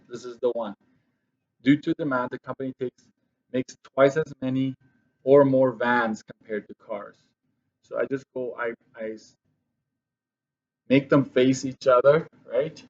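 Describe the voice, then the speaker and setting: A man of medium pitch, heard through lo-fi sound, leads a math lesson for his students. Speaking as he writes, he works through the problem step by step and catches his own slips.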